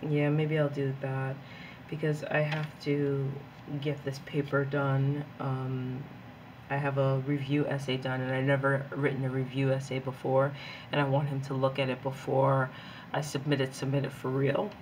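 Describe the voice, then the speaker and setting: A woman's voice: a bass voice, moderate pace, a little hiss or hum. Chatty, rambling young woman. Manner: rambling, chatty, giggly and easily excitable. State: hyped up on coffee. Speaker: planner vlogger; graduate student and teacher. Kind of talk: casual chat while journaling.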